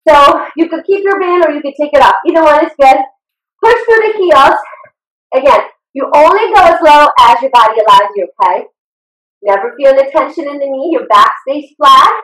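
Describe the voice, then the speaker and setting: A woman fitness instructor leading a live online workout class over a video call. She exercises along as she coaches and sounds out of breath, giving steady, encouraging cues. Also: high voice, fairly quick. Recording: roomy sound from away from the mic.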